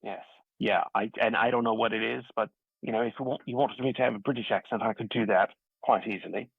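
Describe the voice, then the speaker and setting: Gravelly man over a tinny line. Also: lowish voice, steady tone, quick pace, dry recording. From Staten Island, New York. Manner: rambling, self-deprecating storyteller. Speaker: actor guest. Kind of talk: casual interview conversation. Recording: tinny phone-like dry audio.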